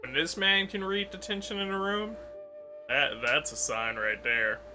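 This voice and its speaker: A man's voice: fairly high pitch, animated, a little slow, over music. A man hosting a gaming channel, chatting through gameplay with wry jokes about the characters. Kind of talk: casual gameplay commentary.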